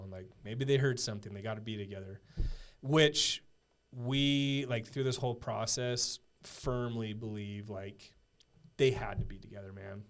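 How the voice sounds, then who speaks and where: Earnest man with a low voice. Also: steady tone. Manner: halting, filler-heavy, earnest. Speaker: podcast guest. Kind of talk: casual personal storytelling.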